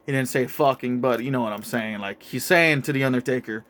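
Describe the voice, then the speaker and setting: A young man casually narrating a made-up wrestling storyline in an excitable, profane play-by-play manner. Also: mid-range voice, normal speed. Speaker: show host narrating a toy wrestling storyline.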